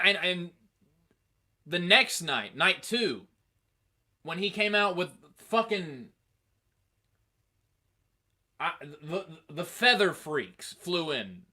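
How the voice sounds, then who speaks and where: A man hosting a casual review show, talking in an animated, rambling, profane way. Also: a little high. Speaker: host.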